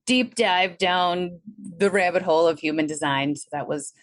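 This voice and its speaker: Lively Wisconsin-accented woman telling her story. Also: normal speed, no echo. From Milwaukee, Wisconsin. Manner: animated, acts out her own past thoughts in a higher voice. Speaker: guest, energy healer. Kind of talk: casual interview storytelling.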